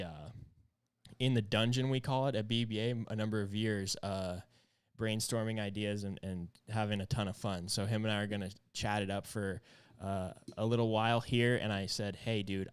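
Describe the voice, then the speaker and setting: A man's voice: lowish voice, clear, resonant tone. A man hosting a casual livestream chat, upbeat and chatty with plenty of fillers. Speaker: livestream host.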